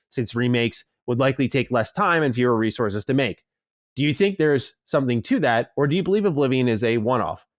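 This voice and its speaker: A man co-hosting a gaming podcast in casual, animated chat, swearing now and then and reading listener mail. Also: mid-range voice, no echo, clean studio sound. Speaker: podcast co-host.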